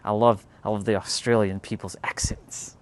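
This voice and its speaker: A man's voice: on the low side, flat delivery, moderate pace, clear, resonant tone. A man from Canada, chatting casually on a livestream, rambling and restarting his words as he answers chat. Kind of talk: casual live-stream chat.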